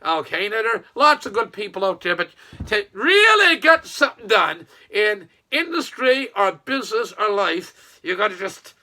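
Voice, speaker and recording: A man's voice: sits high, sing-song, normal speed, pushed and bright. An older man from Nova Scotia, a retired businessman, rambling in a folksy monologue full of restarts and quoted asides.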